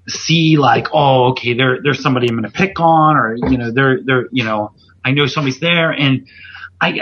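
A man's voice: medium pitch, a bit bright, dull audio, a little hiss or hum. A man, a veteran pro wrestler hosting a podcast, talking casually in a rambling, self-deprecating way with restarts. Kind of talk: casual chat.

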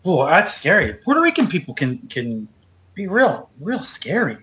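A man tells stories on his podcast in a rambling, animated way, jumping up in pitch whenever he acts out what someone said. His voice sits a little high for a man. The recording is dull and lo-fi. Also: moderate pace. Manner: animated, loose storyteller, acts out quotes with big jumps up in pitch. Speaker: podcast host. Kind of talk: casual storytelling chat.

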